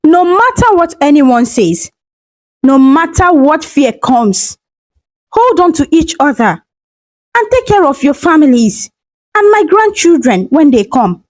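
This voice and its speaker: Brief: woman reading a frail, forgiving old mother, soft-spoken, high and lilting. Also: very animated, unhurried, poor audio. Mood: tender. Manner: soft, whispery.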